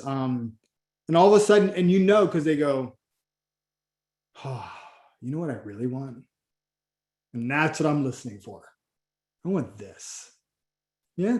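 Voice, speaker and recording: A man runs a coaching session in a casual, rambling way. He plays out little exchanges with a client and often stops to restart a sentence. His voice sits a touch high with a mellow, soft-edged tone, and the room around him is echoey. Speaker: Christian business coach.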